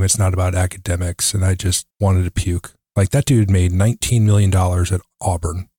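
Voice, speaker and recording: A man's voice: low voice, warm tone, dry recording, studio quality. A man co-hosting a casual sports podcast, blunt and opinionated. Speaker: podcast co-host.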